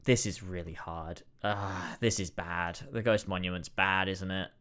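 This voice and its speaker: A man's voice: sits low, steady tone, a little slow, fairly bright tone. Exasperated man ranking episodes. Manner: exasperated, frequent swearing and sighs. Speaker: video creator ranking episodes. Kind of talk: casual ranking commentary.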